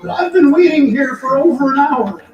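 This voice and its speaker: A man's voice: very high voice, moderate pace, highs cut off, voice pushed up. A man voicing a tearful jilted woman who leaves a phone message, singing it in a raised, quavering tone. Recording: echoey and distant, guitar playing.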